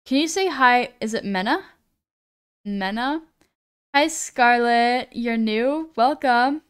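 A woman live-streaming a game, her voice smooth and a touch higher than most. She chats loosely, reads viewer comments out loud, and trips over names before saying sorry. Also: slow pace. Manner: reads chat aloud, apologetic, stumbles over names. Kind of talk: casual live-stream chat.

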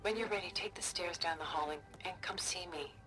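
An actress as a calm, refined woman. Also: fairly low pitch, close to an everyday voice. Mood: reassuring. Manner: measured, reassuring, softly spoken. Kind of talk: video game cutscene dialogue. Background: game music.

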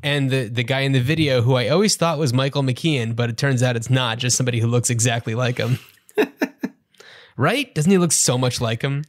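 A man's voice: mid-range voice, fairly quick, dry recording, studio quality. A man in his thirties co-hosting a podcast, chatting casually and summarizing a movie with frequent fillers. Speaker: podcast co-host. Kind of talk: casual chat.

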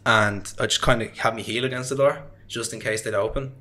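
A man's voice: mid-range voice, steady tone, brisk, sharp tone. A young man with an Irish accent, a guest in an interview, telling his story in a rambling, chatty way. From Ireland. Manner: rambling, chatty, with frequent fillers and self-deprecating laughs. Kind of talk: casual conversational storytelling.

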